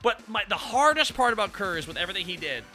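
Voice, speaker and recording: A man hosting a casual ranking stream, telling stories in an excitable, profane rush. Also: sits high, faint music behind. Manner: excitable, profane, fast storytelling. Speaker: streamer host.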